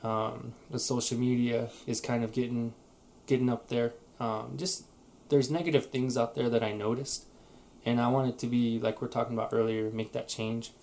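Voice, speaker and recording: A man's voice: medium pitch, level tone, moderate pace, darkish tone. Rambling man, casual podcast co-host. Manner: rambling, frequent restarts and fillers. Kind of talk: casual chat.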